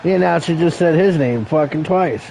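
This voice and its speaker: A man's voice: fairly high pitch, moderate pace, vocal fry, warm tone, slight background noise, poor audio. Crude joking wrestling commentator, man. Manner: crude, joking, rambling, calls people brother. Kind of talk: profane play-by-play commentary.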